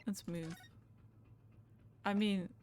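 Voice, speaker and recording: A woman's voice: medium pitch, steady tone, very slow, a little mellow, slight background noise. A woman live-streaming a game in casual chat, talking with viewers, greeting them and laughing often.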